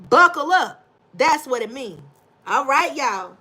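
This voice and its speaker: Brief: high, bright-voiced woman hosting a live tarot reading, effusive, repeats herself, talks straight to viewers. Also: animated, slow pace. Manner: effusive, repeats phrases, calls viewers baby and y'all. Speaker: tarot reader.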